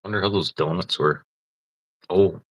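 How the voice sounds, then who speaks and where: A low-voiced man chatting casually on a livestream. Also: moderate pace, no echo, poor audio. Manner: swearing, laughing often, teasing. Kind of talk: casual live-stream chat.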